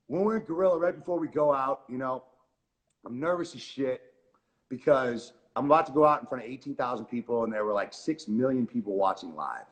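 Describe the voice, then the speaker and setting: A man with a Southern Californian accent tells a story in a loose, excitable way, sprinkling in curses and filler words. His voice sits at an everyday middle pitch. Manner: profane, excitable, lots of "like" and "man". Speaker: guest wrestler. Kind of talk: casual storytelling in an interview.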